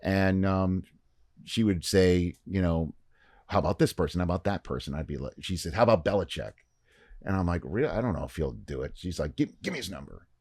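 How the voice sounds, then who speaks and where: Deep-voiced man telling a story. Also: fairly quick, dry recording, clean studio sound. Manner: animated storyteller, acts out quoted dialogue. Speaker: podcast guest. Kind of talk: casual storytelling chat. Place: podcast studio.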